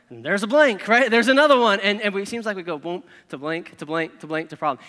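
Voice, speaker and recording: A middle-aged man, preaching a sermon with animated, self-deprecating storytelling and acted-out inner voices. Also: sits high. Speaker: pastor. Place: large church hall. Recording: reverberant hall.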